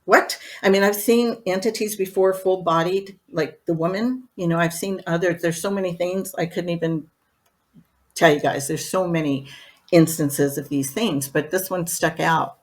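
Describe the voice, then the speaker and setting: A woman's voice: fairly low pitch, steady tone, normal speed, a little mellow. A middle-aged woman, a medium and podcast guest, telling her stories in a rambling, chatty way and leaning on "you know" again and again. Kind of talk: casual storytelling in an interview.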